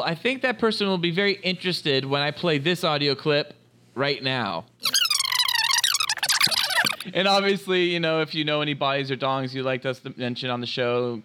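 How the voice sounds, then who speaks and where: A man's voice: mid-range voice, noisy background. A man co-hosting a comedy podcast, rambling and crude in casual chat. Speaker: podcast co-host.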